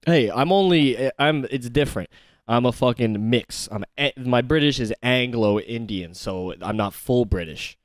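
A man's voice: medium pitch, unhurried, no echo, clean studio sound. A young man hosting a podcast from home, rambling in casual, profane chat full of fillers. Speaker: podcast host.

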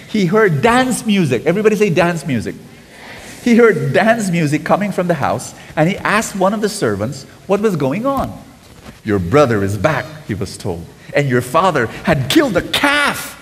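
A man preaching a sermon to a live audience, animated, calling for responses and loudly acting out quotes. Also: high voice, long reverb tail.

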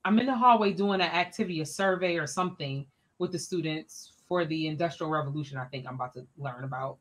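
A woman, an education scholar, telling a personal story as a podcast guest in an animated, expressive, colloquial way. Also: low voice, fast talker.

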